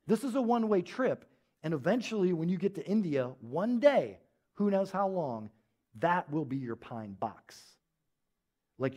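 A man preaching a sermon in a church, telling stories in a casual, animated way with lots of filler words. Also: a little high. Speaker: pastor.

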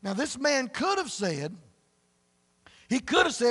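A middle-aged man, preaching a sermon in a folksy storytelling way that swells to loud emphatic preaching. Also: very high voice, big pitch swings, a little slow, pauses often, breathy edge. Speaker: pastor. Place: church sanctuary. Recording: long church reverb.

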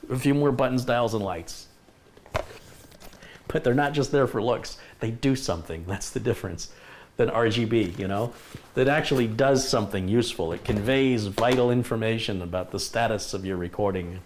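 Chatty low-voiced male live streamer. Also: moderate pace, slight background noise. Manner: chatty, enthusiastic, reads viewer comments aloud. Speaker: tech YouTuber hosting a live stream. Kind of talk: casual live stream chat.

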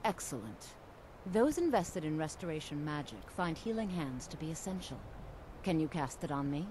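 A woman's voice: deep voice, sing-song, moderate pace, noisy background. An actress playing a formal, long-winded female mage who guides a new student at a college, speaking with courteous wording. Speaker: game character, college mage.

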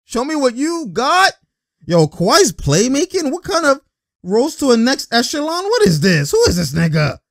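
Laughing, excitable man reacting to highlights. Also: moderate pace, vocal fry, dry recording, clean studio sound. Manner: excitable, laughs often, heavy slang. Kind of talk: casual reaction commentary.

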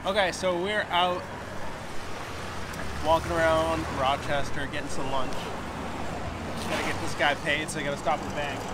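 A man's voice: on the high side, steady tone, normal speed, long pauses, very noisy. A man chatting casually in a vlog, rambling and laughing often as he mocks himself. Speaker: vlogger, small business owner. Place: out walking in town, then indoors.

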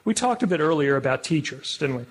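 A man delivering a religious public talk, asking his listeners questions and slowing down to stress key words. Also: fairly high pitch, very animated. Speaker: public speaker.

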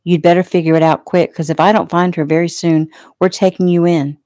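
A woman voicing a jealous, bullying small-town male police officer who talks loud and pushy. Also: on the high side, flat delivery, brisk, no echo, studio quality, natural voice. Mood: demanding.

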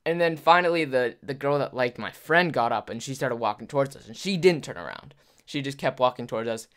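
A man's voice: mid-range voice, expressive, fairly quick, fairly bright tone. A young man casually telling a rambling story to his viewers, full of "like" fillers and acted-out quotes. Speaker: YouTuber.

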